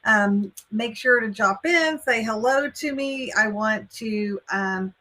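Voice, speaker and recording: A woman's voice: a little high, slow pace, pushed and bright. A woman with a Texas accent, hosting a live online workshop on college admissions, chatty and upbeat as she greets viewers by name and walks through the plan. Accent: Texan. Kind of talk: live webinar talk.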